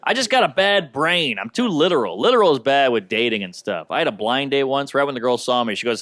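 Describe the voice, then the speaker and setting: A male stand-up comedian with a wry, deadpan, self-deprecating delivery, doing a comedy set. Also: medium pitch, normal speed, long pauses. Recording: noisy recording of a comedy special.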